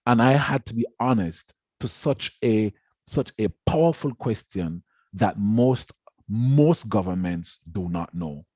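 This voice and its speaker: A man's voice: fairly low pitch, animated, takes it slowly, darkish tone, no echo, studio quality. A man giving a formal lecture on education, speaking emphatically and repeating words to stress his points. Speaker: education researcher giving a talk.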